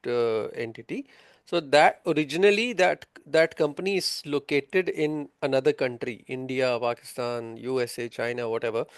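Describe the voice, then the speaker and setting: A man's voice: on the high side, no echo, studio quality. A man teaching a tax course, explaining patiently, quizzing his students, with many filler sounds. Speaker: tax instructor. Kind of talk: interactive online lesson.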